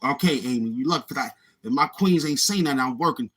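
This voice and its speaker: A middle-aged man from Brooklyn, New York, hosts a livestream in casual chat, reading chat and answering viewers in streetwise slang with a Brooklyn accent and repeating himself. His medium-pitched voice is quick, fairly bright in tone, with a breathy edge.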